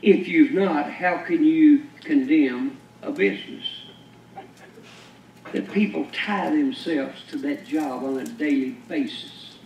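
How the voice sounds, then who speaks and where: A man's voice: a little high, takes it slowly, a little mellow, slight background noise. A pastor preaching a sermon, pressing his points with rhetorical questions and emphatic declarations to a congregation. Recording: echoey church from far off.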